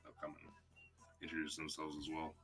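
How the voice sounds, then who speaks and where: A man's voice: extremely low pitch, completely flat delivery, a little fast, a bit bright, faint music behind. A man playing his character at a tabletop game, polite and diplomatic with stammered restarts. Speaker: player.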